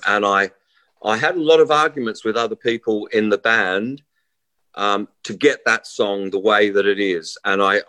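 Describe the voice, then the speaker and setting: A middle-aged man, a musician, telling stories in a rambling, animated way in a casual interview. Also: on the low side, dry recording. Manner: rambling, animated storyteller with many restarts and quoted voices. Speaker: musician guest.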